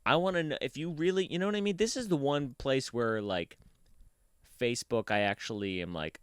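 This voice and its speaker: On his solo podcast, recorded in a basement, this young host rants profanely, shifting between heated moments and quiet, mumbled stretches. He talks fairly quickly in a clear, resonant voice, captured at studio quality without any room sound.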